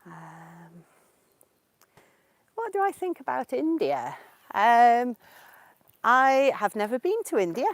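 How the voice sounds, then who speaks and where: A woman's voice: fairly high pitch, very animated, no room sound. A woman, answering viewer questions in a casual live-stream lesson while walking outdoors in the countryside. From England. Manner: slow, clear and explanatory, answering viewer questions. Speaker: English teacher. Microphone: portable mic while walking.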